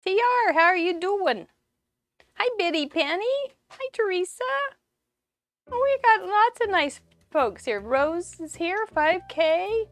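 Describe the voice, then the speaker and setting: A woman's voice: extremely high pitch, expressive, unhurried, no room sound. A woman hosting a live crafting stream, chatty and bubbly, greeting viewers by name and laughing often. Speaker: host of a live crafting show.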